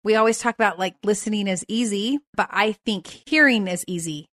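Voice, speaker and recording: A woman's voice: mid-range voice, brisk, fairly bright tone. A woman hosting a conversation, thoughtful and asking open questions. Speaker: host. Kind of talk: casual conversation.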